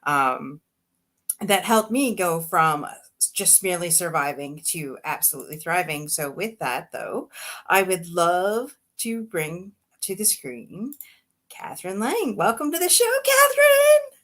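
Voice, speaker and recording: A woman with a fairly low voice hosts an online interview show over a video call. She is effusive and enthusiastic, gushing over her guest between questions. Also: takes it slowly, a bit bright. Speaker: host.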